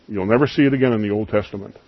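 A man preaching a sermon, emphatic, rising loud on key lines and dropping to soft asides. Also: lowish voice, very fast, dry recording, lo-fi sound.

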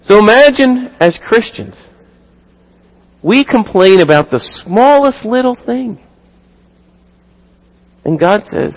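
A man's voice: high voice, takes it slowly, pauses often, muffled recording. Man preaching in a reverberant hall. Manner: animated, acts out dialogue in sudden louder bursts. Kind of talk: sermon.

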